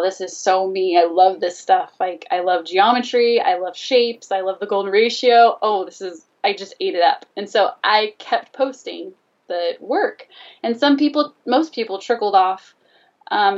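A woman's voice: mid-range voice, recorded from a distance, lo-fi sound. A woman telling a personal story in casual conversation, animatedly acting out both sides of the dialogue. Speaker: guest telling her story.

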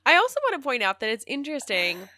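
A woman's voice: sits high, very animated, quick pace, bright, forceful tone, no echo, studio quality. A woman co-hosting a podcast, chiming in easily during a recap chat. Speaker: podcast co-host.

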